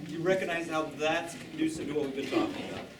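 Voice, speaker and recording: Energetic male vocal coach in an echoey room. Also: fairly high pitch, fast talker. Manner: energetic, encouraging, breaks into sung demonstrations. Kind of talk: coaching a chorus rehearsal. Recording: echoey room, distant mic, loud background noise.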